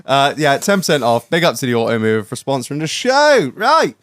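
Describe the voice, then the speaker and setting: A man's voice: medium pitch, huge pitch swings, brisk, fairly bright tone, no room sound. A British man hosting a podcast, joking and swearing as he reads sponsor plugs in a casual, laughing way. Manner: laughs often, swears freely. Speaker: podcast host.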